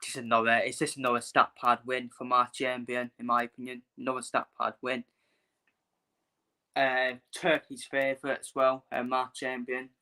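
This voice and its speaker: Chatty man, bright repetitive voice. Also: mid-range voice, monotone, normal speed. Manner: repeats himself, fillers, talks to viewers. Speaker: boxing vlogger. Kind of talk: casual live-stream commentary.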